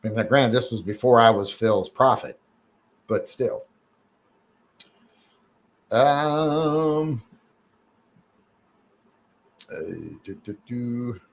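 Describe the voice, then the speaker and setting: A man hosting a casual live stream, reading emails and chat, rambling and joking with many fillers and restarts. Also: mid-range voice.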